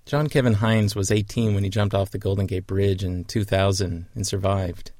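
Man, low voice, somber reflective documentary narrator. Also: steady tone, moderate pace, darkish tone, no echo.

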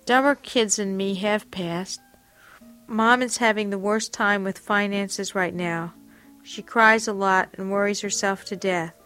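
A woman reads from a personal diary in a mid-range voice, earnest and reflective, as if confessing each entry. Faint music sits quietly behind her. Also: medium pitch, fairly even intonation, measured pace, clear, resonant tone. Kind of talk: reading aloud from a personal diary.

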